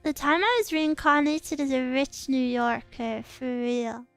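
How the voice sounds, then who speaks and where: Young woman, streamer, high voice, unhurried, giggly, rambling chat, faint music behind. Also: smooth, no echo. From England. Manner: giggly, rambling, animated storytelling. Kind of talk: casual chat reading viewer comments.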